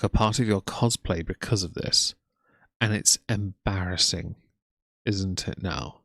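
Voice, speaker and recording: A man delivers scornful reaction commentary, blunt and sarcastic. His voice sits low with a gravelly fry. The recording is dry and close, with no room sound. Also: a little slow, fairly bright tone, no room sound. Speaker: commentary YouTuber.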